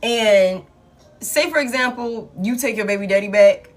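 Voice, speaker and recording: A woman's voice: a little high, moderate pace. A woman, chatting casually to her viewers as she reads tarot cards aloud in a live stream. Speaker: tarot reader.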